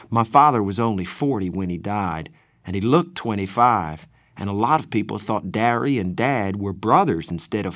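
Low-voiced man reading a novel. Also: no echo, studio quality. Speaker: audiobook narrator. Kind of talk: first-person novel narration.

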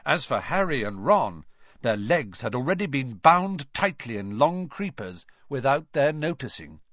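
A man reading a children's fantasy story aloud with expressive, dramatic narration. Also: mid-range voice, unhurried, no echo, dull audio. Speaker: audiobook narrator.

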